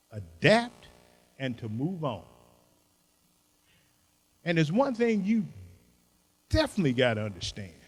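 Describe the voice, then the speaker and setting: An older man delivers a motivational keynote with a lively, swinging voice pitched slightly high. He talks in a folksy, emphatic way, hammering home short punchy maxims. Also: poor audio. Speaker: keynote speaker. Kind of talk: motivational speech.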